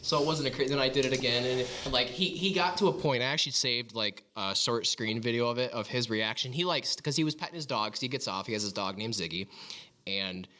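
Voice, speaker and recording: A man chatting on a podcast, words tumbling out quickly. He rambles, backtracks and loses the thread, a tangent-prone storyteller among friends. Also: medium pitch, sharp tone. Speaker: podcast co-host. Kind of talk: casual chat.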